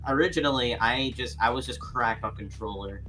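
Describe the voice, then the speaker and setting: Male guest, bright voice, halting delivery with lots of restarts, faint music behind. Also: mid-range voice. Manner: halting, many restarts and filler words. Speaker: podcast guest. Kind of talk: casual chat.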